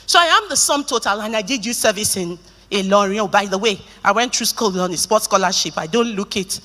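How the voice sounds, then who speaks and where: Bright-voiced Nigerian woman speaking in a hall. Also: mid-range voice, fairly quick. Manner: lively storytelling, joking with the audience. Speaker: conference speaker. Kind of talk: keynote talk to an audience. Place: conference hall. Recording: reverberant conference hall.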